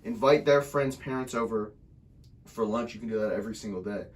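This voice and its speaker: A man's voice: fairly low pitch, a little fast, far from the mic. Laid-back young man, college guest. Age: young adult. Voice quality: relaxed, frequent "like" fillers. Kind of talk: casual podcast interview.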